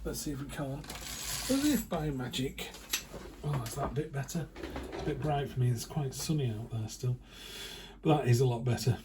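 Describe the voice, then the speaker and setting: A man's voice: mid-range voice, fairly even intonation, a little fast, noisy background. A man giving a chatty, rambling tarot reading indoors, often breaking into playful quoted asides. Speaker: tarot reader. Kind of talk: casual tarot reading monologue.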